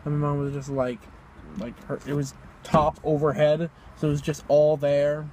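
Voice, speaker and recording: Young male podcast co-host, high voice, rowdy, acts out the people in his stories, slight background hiss. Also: completely flat delivery, normal speed, darkish tone. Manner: rowdy storyteller, acts out voices, laughs a lot. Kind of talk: casual chat.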